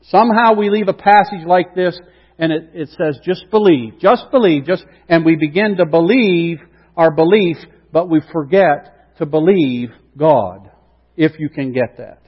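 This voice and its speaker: High-voiced preacher guy, punchy and emphatic, dull muffled sound. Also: unhurried. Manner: emphatic, rhetorical questions, swings from quiet to loud. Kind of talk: sermon. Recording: dull sound with long reverb.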